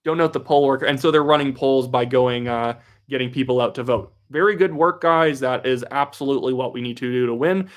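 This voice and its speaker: A young Canadian man hosts a relaxed livestream in a mid-range voice, talking a little fast with hardly any pauses. Upbeat and chatty, he reads out what viewers comment.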